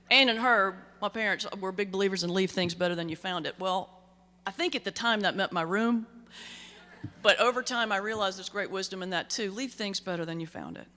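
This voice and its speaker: A woman's voice: mid-range voice, bright, forceful tone. A middle-aged woman minister giving a keynote speech, telling stories conversationally with comic timing. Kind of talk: humorous keynote storytelling. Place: large banquet hall. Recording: reverberant hall sound.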